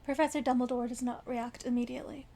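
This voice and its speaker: A young woman softly reading a fan fiction story aloud, with small slips and restarts. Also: a little high, fairly even intonation, fast. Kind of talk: read-aloud story narration.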